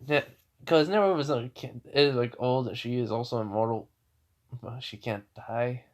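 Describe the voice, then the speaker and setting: A man's voice: mid-range voice, moderate pace. A man casually retelling a fan story, rambling with many fillers and self-corrections.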